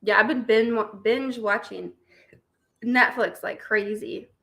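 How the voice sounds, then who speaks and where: A woman's voice: on the high side, slow, vocal fry, fairly bright tone. A young woman recovering from surgery, chatting casually on a live stream, greeting viewers by name and laughing often.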